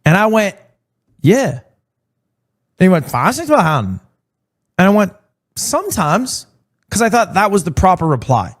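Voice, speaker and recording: A man's voice: high-pitched, unhurried, pauses often. A young man streamer telling stories in casual chat, acting out quotes as he goes. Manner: animated storytelling with mock quotes.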